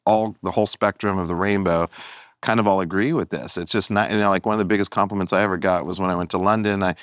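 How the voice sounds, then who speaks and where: A male guest comedian talking in casual conversation, rambling and animated with many restarts. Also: low voice, fast talker, smooth, no room sound, clean studio sound.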